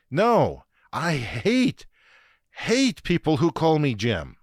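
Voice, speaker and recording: Canadian male podcast host, comic monologue, swears freely, lively pitch, dry sound. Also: a little slow, no echo. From Saskatchewan, Canada. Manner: profane, ranting, self-deprecating. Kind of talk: comedic storytelling monologue.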